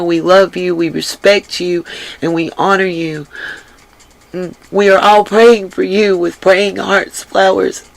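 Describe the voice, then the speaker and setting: Gravelly, emphatic woman livestream host. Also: lowish voice, poor audio. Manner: earnest and emphatic, repeats phrases. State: drained, voice rough from crying. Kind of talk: casual livestream talk, reading the chat.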